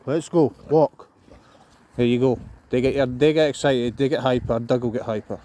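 Out on a walk by roads and through a park, a Scottish man chats with his live-stream audience as his dog tags along. His mid-range voice is steady and dark at a moderate pace, and he mixes jokes and swearing with sharp commands to the dog.

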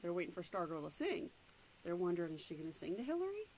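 A woman's voice: lowish voice, wildly swooping pitch, a little mellow, a little hiss or hum, low-quality recording. A woman reading a novel aloud, stopping now and then to explain the story in her own words. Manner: plain, unhurried read-aloud narration with asides. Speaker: reader.

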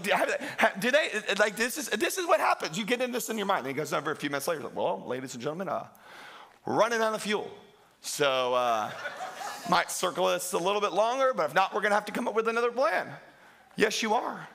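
Male pastor, sermon delivery; high-pitched, animated storyteller who mimics voices. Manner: animated storytelling with self-mocking humor and laughs; acts out quoted voices.

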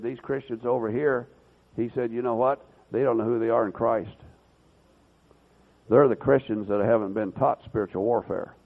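Gravelly-voiced man preaching over a tinny line. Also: lowish voice. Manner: retells a story with many "he said" and "uh" fillers. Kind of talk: sermon storytelling. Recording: tinny lo-fi sermon recording.

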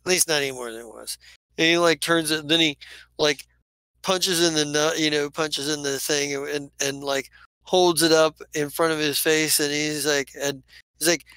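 A man's voice: on the high side, level tone, normal speed, pushed and bright, smooth, dry recording, low-quality recording. A man running a tabletop game as game master, rambling with many restarts. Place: home studio stream.

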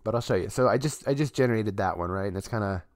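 A man chats live from his home streaming setup in a slightly low voice that sounds dry and close. He rambles, restarts his sentences and fills pauses with ums. His swearing is offhand and relaxed. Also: no room sound. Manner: rambling, with many fillers and restarts. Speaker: streamer and artist. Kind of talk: casual live-stream chat.

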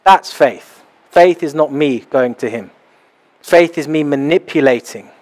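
A young man preaching a sermon in a small house church, animated and acting out little scenes as he talks. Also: fairly high pitch, measured pace. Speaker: pastor.

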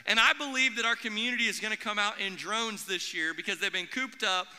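A young man preaching a sermon as pastor in a church, animated, acting out the voices he quotes. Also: high-pitched, a little fast, clear, resonant tone. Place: church auditorium. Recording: long hall reverb.

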